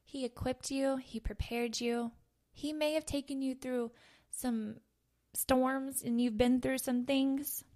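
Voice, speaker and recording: A woman's voice: a little high, gravelly, a little mellow. A woman in her thirties giving a casual, earnest devotional talk with many fillers. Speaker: podcast host. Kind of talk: conversational devotional teaching.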